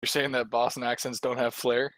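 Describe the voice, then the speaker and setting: A man's voice: medium pitch, flat delivery, a little fast, a bit bright, no echo. A man in a casual chat, joking and teasing the others.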